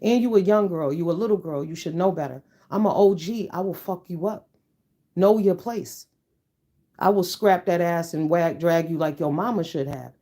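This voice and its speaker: Here a middle-aged woman rants bluntly and profanely to her YouTube viewers, hammering home a story in casual chat. She speaks at a moderate pace in a mellow, lowish voice.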